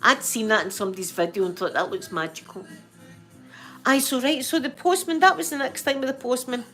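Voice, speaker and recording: A middle-aged Scottish woman hosting her channel, telling a story in an animated, chatty, colloquial way. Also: high voice, fast talker, faint music behind. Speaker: channel host. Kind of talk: storytelling chat.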